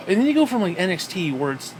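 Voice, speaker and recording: A man's voice: high voice, big pitch swings, fast, slight background noise. Profane, exasperated male wrestling ranter. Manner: profane, exasperated ranting with sighs. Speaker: wrestling reviewer. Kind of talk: ranting solo commentary.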